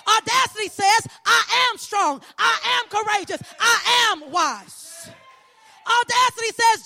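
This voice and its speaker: A woman preaching an impassioned sermon, building repeated lines into ringing shouts. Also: extremely high pitch, gravelly. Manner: rhythmic repetition, building to shouts.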